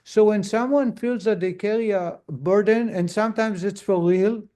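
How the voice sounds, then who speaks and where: A middle-aged rabbi teaches a class in a relaxed, conversational way. His voice sits fairly high for a man. He weaves stories into the lesson and turns to his listeners with questions. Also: normal speed. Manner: storytelling, asks the audience questions.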